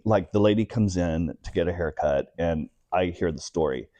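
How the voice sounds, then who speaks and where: A man's voice: low-pitched, moderate pace, no echo. A man in his forties from Texas, a guest telling personal stories in a casual interview and acting out the voices of the people he quotes. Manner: animated storyteller who acts out quoted voices.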